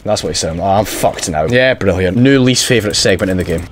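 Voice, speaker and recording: A man's voice: deep voice, fast talker, background noise. A young man giving sweary, exasperated comedic commentary over gameplay. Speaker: gaming YouTuber.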